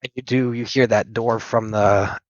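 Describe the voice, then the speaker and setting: A man's voice: on the low side, steady tone, normal speed, dry recording. A man narrating as game master of a tabletop game, describing scenes loosely with fillers and chuckles. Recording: dull lo-fi dry mic.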